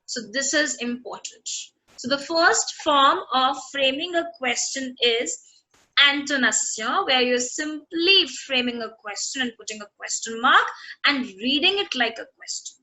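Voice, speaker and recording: A woman's voice: sits high, measured pace, bright, forceful tone, rough recording. A woman teaching French in an online lesson. She repeats her example sentences and often checks that her students are following.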